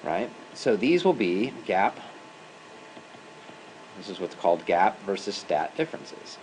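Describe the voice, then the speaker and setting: A man's voice: deep voice, sing-song, measured pace, a little mellow, a little hiss or hum, low-quality recording. A man giving a university lecture in a classroom as an adjunct professor. He talks conversationally and keeps checking in with "right?" and "okay?".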